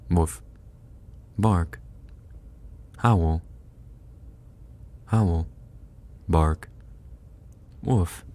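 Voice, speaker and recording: A man on an ASMR stream voicing a playful pet dog by saying barks, woofs and pants as words, softly. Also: sits low. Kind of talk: ASMR livestream role-play.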